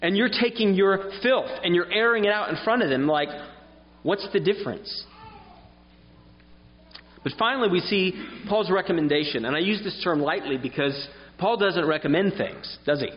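A man's voice: sits high, animated, normal speed. A man preaching a sermon in an earnest, emphatic, explanatory way. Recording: dull sound with long reverb in a hall.

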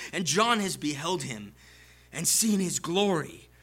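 A man's voice: sits high, animated, normal speed, fairly bright tone. A man preaching a sermon to his congregation, explaining scripture and building to emphatic peaks.

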